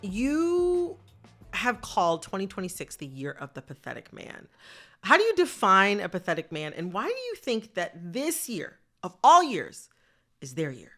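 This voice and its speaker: A woman hosting a public radio interview podcast, upbeat and quick to laugh. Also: medium pitch, soft background music. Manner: lively, laughs often. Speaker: podcast host.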